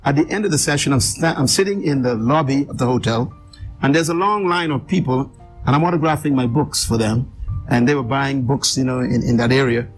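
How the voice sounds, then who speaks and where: A man's voice: medium pitch, a little fast, faint music behind. A man, an author and guest speaker, telling a personal story in an interview with emphatic, dramatic delivery. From Bahamas.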